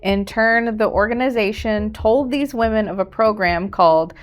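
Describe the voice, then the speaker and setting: A woman's voice: medium pitch, moderate pace, soft background music. Woman narrating a spooky history podcast. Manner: steady storyteller, playful, laughs at own slips. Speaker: podcast co-host reading the story. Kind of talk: reading a scripted history segment.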